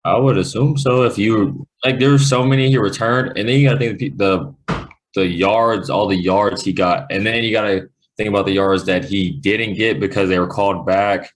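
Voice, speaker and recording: Deep-voiced young male football player. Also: moderate pace, slight background noise, poor audio. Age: young adult. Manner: relaxed, laid-back talk with fillers. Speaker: college football player guest. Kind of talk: casual interview chat.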